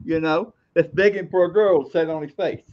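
A man's voice: fairly high pitch, steady tone, brisk. A man co-hosting a wrestling podcast, stammering and repeating words as he rants with heavy swearing. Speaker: podcast co-host. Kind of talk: profane wrestling podcast rant. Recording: dull lo-fi podcast audio.

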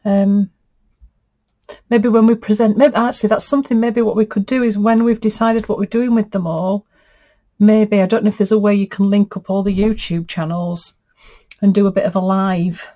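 Woman, middle-aged, casual, chatty, gushing, mid-range pitch. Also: fairly even intonation, moderate pace, dark tone. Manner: chatty, gushing and easily moved. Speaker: textile artist. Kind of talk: casual unboxing chat.

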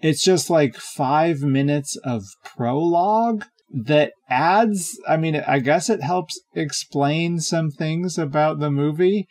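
A man's voice: a little high, slow, few pauses, a little mellow. A man co-hosting a podcast, chatting casually about films in a rambling, hesitant way with frequent chuckles. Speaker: podcast co-host. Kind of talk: casual movie chat.

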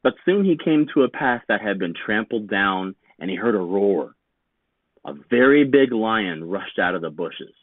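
A man, a teacher, reading a children's picture book aloud with slow, very expressive storytelling. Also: on the low side, no echo. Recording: tinny phone-like sound, dry.

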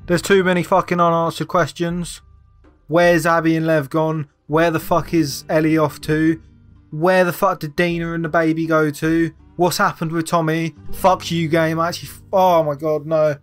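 A man's voice: on the high side, flat delivery, moderate pace, faint music behind. A man commentating a game playthrough, frustrated and swearing about the ending. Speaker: gaming YouTuber. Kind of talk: let's play commentary.

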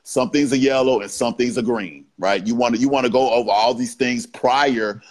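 Podcast guest, adult man, relaxed explainer who punctuates his talk with "right?". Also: mid-range voice, normal speed. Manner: explains in short bursts, tagging lines with "right?". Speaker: guest BDSM educator. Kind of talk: casual podcast interview talk.

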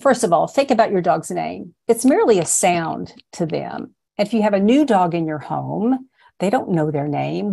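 A middle-aged woman dog trainer narrating a training lesson in a calm, step-by-step way. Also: on the low side, gravelly, husky. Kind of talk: voice-over narration of training slides.

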